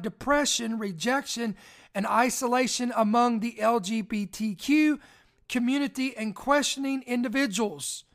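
Woman hosting a live news stream, rereads lines slow, trips on words, talks right to viewers. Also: a little high. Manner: rereads key phrases slowly for emphasis, addresses viewers directly; stumbles and restarts words while reading. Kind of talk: live commentary reading news aloud.

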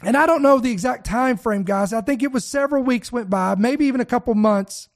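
An older preacher hosting an online talk show, telling stories with animated emphasis, often repeating words and calling the listeners "guys.". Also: mid-range voice, a little fast.

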